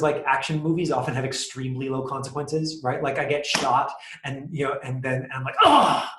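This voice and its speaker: A man teaching an acting class, casually explaining comedy with lively acted-out examples. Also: medium pitch. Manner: animated, acts out quick examples with loud outbursts. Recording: echoey room.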